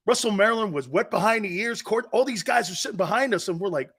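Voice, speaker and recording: Excitable man telling stories with a lively voice. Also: high voice, a little fast, hardly any pauses. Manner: excitable, laughing, rambling. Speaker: sports talk show host. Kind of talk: animated storytelling.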